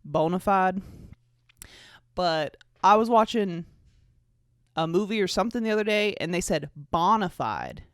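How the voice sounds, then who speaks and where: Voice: mid-range voice, no echo, studio quality. A twenty-five-year-old podcast host with a hint of a Southern US accent, chatting alone in a rambling, jokey, profane way. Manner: rambling, jokey and profane, with self-mocking asides. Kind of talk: casual solo podcast chat.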